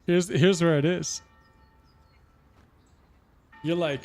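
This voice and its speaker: A man's voice: high voice, expressive, moderate pace, pauses often, faint music behind. A man livestreaming a game, rambling and musing as he talks to his chat in casual commentary. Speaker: gaming livestreamer.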